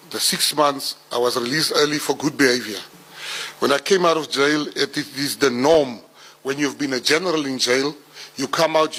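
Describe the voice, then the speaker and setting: A South African man in his forties, telling life stories to an audience in an animated way, building to laughing punchlines. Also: mid-range voice, rough recording. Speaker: public speaker. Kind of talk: storytelling talk.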